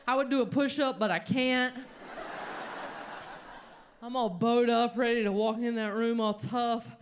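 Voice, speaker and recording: A woman doing a stand-up routine on a comedy stage, telling a story slowly with sudden loud outbursts. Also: fairly high pitch, steady tone, crowd noise, noisy background. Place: comedy stage before a live audience.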